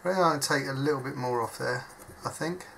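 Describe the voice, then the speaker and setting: A man's voice: mid-range voice, fairly quick, gravelly, very noisy. A man talking through a soldering job at his workbench, chatty and self-mocking as he thinks aloud. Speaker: hobby electronics modder. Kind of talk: casual step-by-step workbench demonstration. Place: at a workbench indoors.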